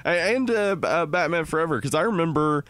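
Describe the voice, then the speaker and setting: A man's voice: fairly high pitch, expressive, fairly quick, fairly bright tone, no echo. A man in his thirties co-hosting a podcast, rambling casually about films with lots of "like". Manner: rambling, many "like"s and restarts. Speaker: podcast co-host. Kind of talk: casual film-review chat.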